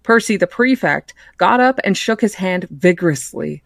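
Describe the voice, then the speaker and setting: Book club host, reading aloud, middle pitch, plain and measured, dry close sound. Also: expressive, creaky, a bit bright, no room sound. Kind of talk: reading aloud a novel, casual.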